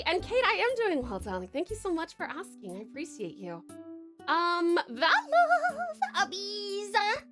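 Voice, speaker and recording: A woman's voice: high voice, fairly bright tone. A young woman streaming live, greeting chat, gushing and swearing casually, calling viewers darling. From Tasmania, Australia.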